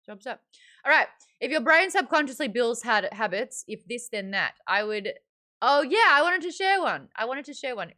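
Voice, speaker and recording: An Australian woman hosting a live stream in a candid, chatty way. Her bright voice swings widely in pitch and is full of expression. She talks openly and adds small fillers along the way. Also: big pitch swings, normal speed. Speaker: streamer and book club host. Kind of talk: casual live-stream chat.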